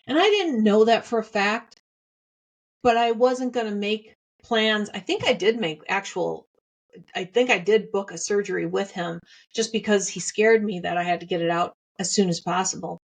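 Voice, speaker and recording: A woman's voice: mid-range voice, moderate pace. A middle-aged woman hosting a podcast, candidly telling a personal story and repeating phrases for emphasis. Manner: candid and heartfelt. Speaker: podcast host.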